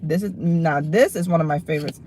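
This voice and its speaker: A woman on a casual livestream, chatting while she eats, blunt and profane as she snaps back at her chat and then eases into relaxed talk about her food. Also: low voice, brisk, a little hiss or hum.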